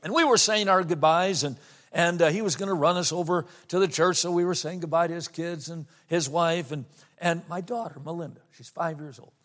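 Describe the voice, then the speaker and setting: High-voiced man telling a sermon story. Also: a bit bright. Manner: storytelling, slows down for emphasis on scripture. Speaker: pastor.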